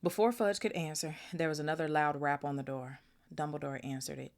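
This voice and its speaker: A woman podcast host reading a book aloud, breaking in with excitable, chatty commentary. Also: low-pitched, fairly quick, creaky.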